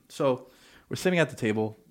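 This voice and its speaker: A man's voice: mid-range voice, expressive, moderate pace, vocal fry. A man co-hosting a casual chat, telling stories in a laid-back, drawling way. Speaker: podcast co-host.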